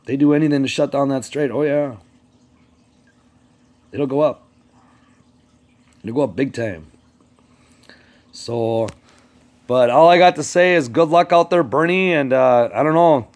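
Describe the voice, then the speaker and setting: A man's voice: mid-range voice, a little slow, pauses often, darkish tone. A man ranting casually to his channel's viewers, rambling and swearing as he talks straight to politicians who aren't there. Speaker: vlogger. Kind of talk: casual rant to camera.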